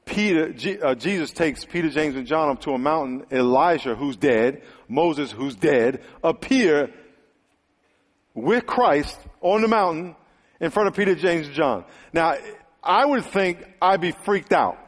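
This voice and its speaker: A man preaching a lively sermon to a young audience, acting out quotes and dropping to near whispers for emphasis. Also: fairly high pitch, measured pace. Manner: animated, acts out quotes, swings loud and quiet. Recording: hall reverb.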